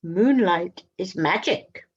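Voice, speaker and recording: A woman voicing a gentle, kind black cat in a storybook reading, speaking slowly and soothingly. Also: fairly low pitch, animated, breathy edge, highs cut off, heavily acted. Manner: slow, soothing and drawn out.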